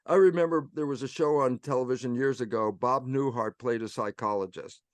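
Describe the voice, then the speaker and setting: Animated older male storyteller, dry sound. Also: medium pitch, fairly quick, no echo. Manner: animated storyteller, acts out inner voices. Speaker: guest. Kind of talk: storytelling interview talk.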